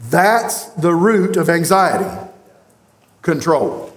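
A man's voice: a little high, animated, takes it slowly. A man preaching a sermon as pastor, speaking earnestly and directly to his congregation in a church sanctuary.

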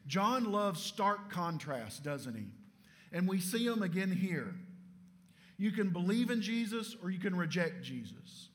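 A man preaches emphatically in a sing-song voice at a measured pace, posing rhetorical questions and letting his voice drop low at the end of each phrase.

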